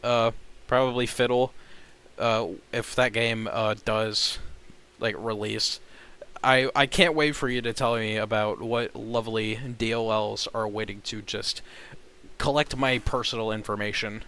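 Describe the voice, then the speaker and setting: A man's voice: lowish voice, steady tone, measured pace, sharp tone, smooth. A man chatting casually on a live stream, rambling between topics with frequent swearing and laughter.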